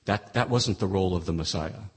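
A man's voice: sits low, fairly quick, breathy edge. A man teaching through Bible passages, reading scripture aloud and then explaining it, with frequent restarts.

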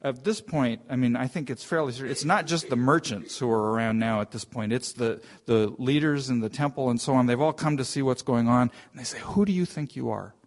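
A man's voice: medium pitch, a little fast, few pauses. Man teaching scripture, thinking aloud. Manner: informal, thinking aloud with frequent restarts. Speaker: Bible teacher. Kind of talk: conversational Bible teaching.

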